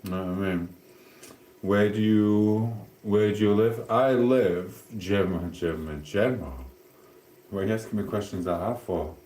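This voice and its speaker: A man's voice: fairly low pitch, a little slow, darkish tone. A middle-aged man with a Sheffield Yorkshire accent, chatting casually with his livestream viewers while cooking at home, rambling in a friendly, matey way. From Sheffield, South Yorkshire. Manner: rambling, matey banter with chat. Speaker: livestream host. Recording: roomy echoing room.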